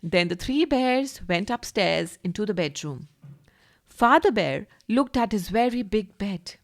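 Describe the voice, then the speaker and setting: Slow, lively Indian English storyteller woman. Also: mid-range voice. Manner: expressive, sing-song storytelling. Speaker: school storytelling teacher. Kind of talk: storybook reading for children.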